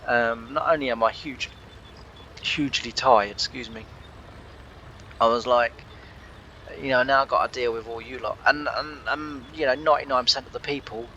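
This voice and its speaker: A man's voice: mid-range voice, steady tone, normal speed, long pauses, pushed and bright, lo-fi sound, a little hiss or hum. A tired man telling a rambling, exasperated story in a casual way. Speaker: gaming channel host.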